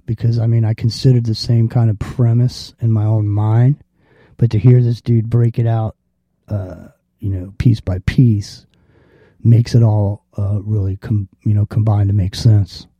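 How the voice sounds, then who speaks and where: A man with a very dark, husky voice hosts a talk radio show. He rambles profanely and slips into fast quoted voices to act out arguments. The sound is dry and a little dull. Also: lowish voice, dry recording. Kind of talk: casual talk radio rant.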